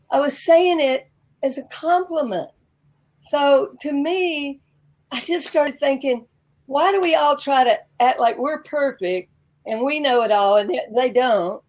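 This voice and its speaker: A woman with a Southern US accent, guest in an interview, talking in a chatty, animated way and often laughing. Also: high voice, low-quality recording. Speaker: interview guest, founder of a personality tool. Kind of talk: casual interview talk.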